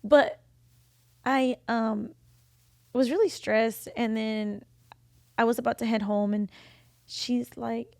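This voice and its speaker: Podcast co-host, woman in her twenties: high voice with a lot of fry, emotional chatty storytelling, dry close mic. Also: steady tone, slow pace, long pauses, no echo. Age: 20s. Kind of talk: casual chat.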